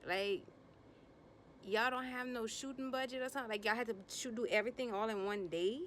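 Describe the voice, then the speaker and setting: A woman's voice: a little fast, a little hiss or hum. Sassy woman recapping reality TV. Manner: animated, acts out quotes in bursts of higher pitch; slangy, blunt, sassy commentary. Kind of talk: casual episode recap.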